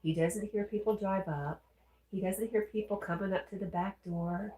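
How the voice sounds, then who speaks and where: Speaking with a Southern accent through a stuffy nose, a woman casually hosts a livestream, reading comments from her viewers aloud and replying. Her mid-range voice stays steady at a moderate pace with a dark tone, and the sound is reverberant.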